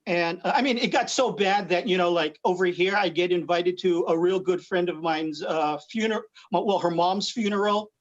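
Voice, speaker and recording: A man's voice: high voice, normal speed, few pauses. A man who works in comics, chatting casually on a livestream with lots of fillers and restarts. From Philippines. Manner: rambling, many fillers and restarts. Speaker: guest comic book artist. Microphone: video call. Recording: muffled lo-fi stream audio.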